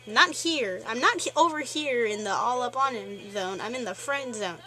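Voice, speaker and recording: Exasperated teen girl ranting, bright voice. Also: on the high side, expressive, moderate pace, soft background music, poor audio. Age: teens. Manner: exasperated, rambling, many fillers. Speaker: vlogger. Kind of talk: ranting vlog.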